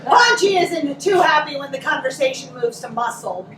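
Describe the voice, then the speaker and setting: An actress playing a brash, hard-drinking middle-aged woman in a live stage play, loud and mocking with boisterous laughter. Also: sits high, animated, moderate pace. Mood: teasing. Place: theatre stage. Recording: roomy stage audio from far off with noise.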